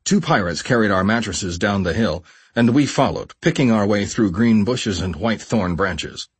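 Male audiobook narrator, low and husky, lots of pitch movement, dry booth sound. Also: no room sound. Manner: measured, expressive storytelling. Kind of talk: first-person memoir audiobook narration.

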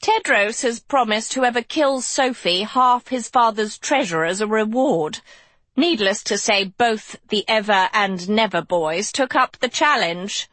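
A woman reading an audiobook, voicing a stern, menacing female teacher who speaks in a slow, cutting, snarling way. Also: on the high side, fairly bright tone, no echo, voice pushed up. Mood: cold. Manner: slow, slashing, snarling delivery.

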